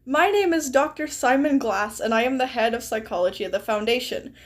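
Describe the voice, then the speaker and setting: A woman's voice: on the high side, lively intonation, fairly quick, natural voice. A woman reading the lines of a modest, self-effacing male doctor in a game. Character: modest, soft-spoken man, head of psychology.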